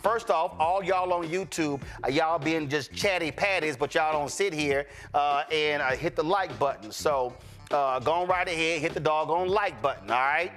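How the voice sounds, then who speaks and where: Faint music plays behind a man whose voice is a little high and a bit bright, at normal speed. Hosting a talk show, he banters and tells stories off the cuff, bluntly and jokingly, cussing in slang straight to viewers and appealing for support.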